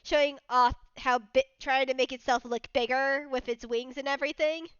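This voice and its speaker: A woman's voice: high voice, steady tone, normal speed, fairly bright tone, clear, resonant tone, no room sound. A woman running a tabletop game as game master, narrating in a rambling way full of restarts. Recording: dull lo-fi sound, dry.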